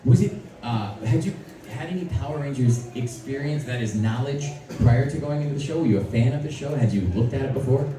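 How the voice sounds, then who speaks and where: A man's voice: mid-range voice, brisk. A man hosting a convention panel, chatty and laughing, with rambling restarts as he asks questions. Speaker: podcast host moderating a convention panel. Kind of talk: casual panel interview. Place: large convention hall. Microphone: handheld mic. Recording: echoey convention hall, distant mic, loud crowd.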